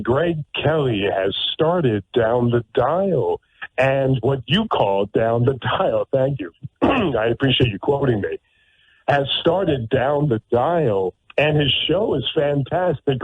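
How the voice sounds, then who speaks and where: A man's voice: mid-range voice, animated, slow, slightly rough. A combative man hosting talk radio, sarcastic and rambling through his points with frequent restarts. The sound is tinny, like a phone line. It is dry and close, with no room echo. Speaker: radio talk show host. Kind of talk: opinionated talk radio monologue.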